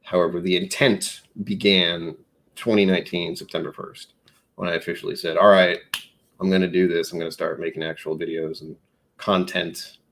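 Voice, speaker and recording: A man with a low voice hosts a casual livestream. He rambles from topic to topic, pokes fun at himself and keeps the talk loose and jokey. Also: little pitch movement, moderate pace, fairly bright tone, slight background noise. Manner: rambling, self-mocking, jokey. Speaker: live streamer.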